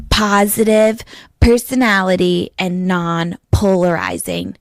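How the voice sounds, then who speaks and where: A woman hosting her own podcast, delivering a cynical, deadpan monologue with biting sarcasm. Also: mid-range voice, measured pace, no echo, studio quality. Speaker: podcast host.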